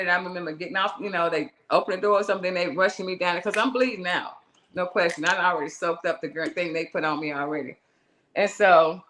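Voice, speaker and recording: Middle-aged woman telling a story animatedly. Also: mid-range voice. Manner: animated, acts out the voices in her story; loose, conversational, restarts and asides. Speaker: guest musician. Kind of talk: personal storytelling in an interview.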